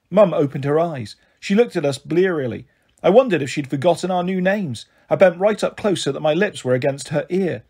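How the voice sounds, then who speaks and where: A man reading a children's novel aloud with steady first-person narration. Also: a little high, breathy edge. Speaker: storyteller.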